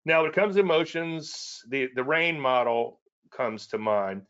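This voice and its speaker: A man's voice: mid-range voice, expressive, unhurried, fairly bright tone, clean tone, highs cut off. A man hosting a market show, teaching casually in a rambling, conversational way with self-deprecating asides and repeated points. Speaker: trading educator and show host.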